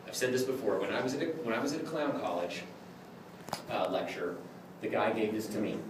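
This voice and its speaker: A man lecturing on clown magic and demonstrating tricks to a class in an animated, jokey way, often acting out his exchanges with kids. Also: on the low side, brisk. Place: lecture room. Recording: echoey room, far from the mic, background noise.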